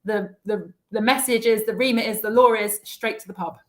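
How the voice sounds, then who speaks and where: A woman's voice: fairly high pitch, brisk. A woman co-hosting a live whiskey tasting in casual chat, enthusiastic and given to repeating her phrases.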